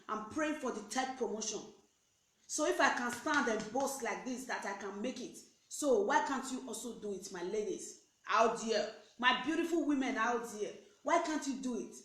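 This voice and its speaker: Nigerian woman, young, higher voice, animated preachy rant, pidgin and english, echoey room. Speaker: network marketing recruiter. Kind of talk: motivational live video rant.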